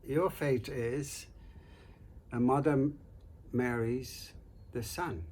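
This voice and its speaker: A man's voice: mid-range voice, slow pace, darkish tone, slight background noise, close to an everyday voice. A man voicing a patient, dutiful goddess who is also a mother, in a told folk tale. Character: female fate goddess, calm and dutiful mother.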